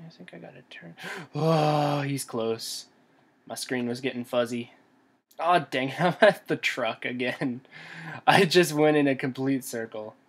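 A man's voice: medium pitch, a bit bright, breathy edge. A man giving let's play commentary on a horror game, jumpy and nervous, talking to himself as he plays. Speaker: gamer.

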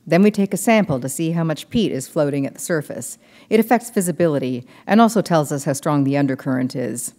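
A woman novelist reading her book aloud in measured, steady narration. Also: sits low, in a large hall.

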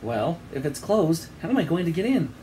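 A man's voice: fairly high pitch, sing-song, brisk, dark tone, slight background noise, voice pushed up, rough recording. A man voicing an anxious, earnest young boy in a read-aloud story, with a raised, eager tone.

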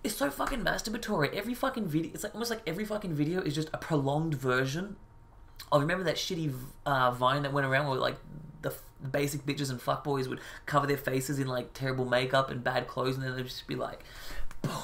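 A man's voice: mid-range voice, fairly even intonation, quick pace, vocal fry, fairly bright tone, a little hiss or hum. A man hosting a reaction video, ranting with heavy profanity and exasperation. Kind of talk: ranting commentary.

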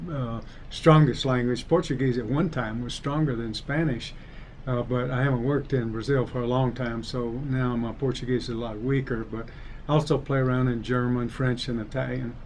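An older man from Alabama, an engineering professor, speaking in a relaxed, thoughtful way with a softened Southern US accent in a casual interview. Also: medium pitch, normal speed, a little hiss or hum. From Alabama, United States.

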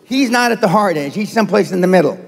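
A high-pitched, gravelly older man lectures a seminar crowd, blunt and profane, jabbing at the audience. His voice rings out in a reverberant live hall. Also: lively intonation, quick pace. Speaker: seminar speaker. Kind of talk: motivational seminar talk.

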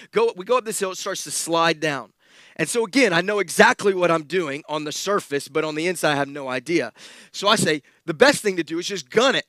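A man from South Alabama, preaching a sermon and telling a personal story with self-deprecating humor and animated, sometimes loud delivery. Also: a little high, no echo. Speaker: pastor.

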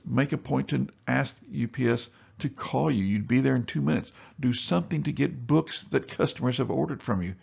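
A man's voice: medium pitch, vocal fry, darkish tone, slightly rough, lo-fi sound. A male store owner giving a seminar talk, telling customer anecdotes and acting out both sides of the conversations. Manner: storytelling, acts out both sides of dialogue.

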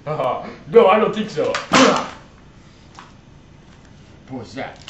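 A man's voice: a little high, very animated, very slow, pauses often, recorded from a distance. A man acting out a home-made movie reenactment, playing several parts himself. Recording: muffled echoey home camcorder with faint hiss.

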